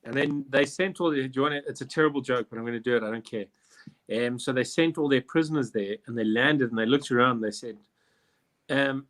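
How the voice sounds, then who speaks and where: A man's voice: mid-range voice, fast talker, a bit bright. Brief: male quiz host, jokey, rambly, self-deprecating. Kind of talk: joking quiz banter.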